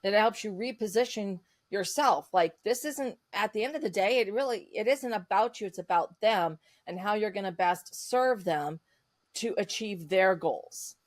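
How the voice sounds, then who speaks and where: A woman in a middle pitch who hosts a podcast. She speaks thoughtfully, often restarting as she searches for the right words. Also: normal speed. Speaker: podcast host. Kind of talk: podcast conversation.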